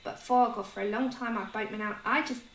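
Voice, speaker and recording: A woman's voice: a little high, steady tone, fairly quick. A woman with a London accent hosts a livestream and chats casually while colouring, laughing at herself often. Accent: London English. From London, England. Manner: chatty, self-deprecating, laughs often. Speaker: livestream host. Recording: echoey room with faint noise.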